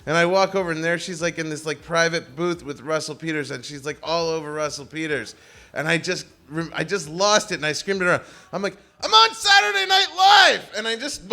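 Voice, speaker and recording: A man's voice: sits high, bright, forceful tone. A man telling a rambling, self-mocking comic story on stage before a live audience.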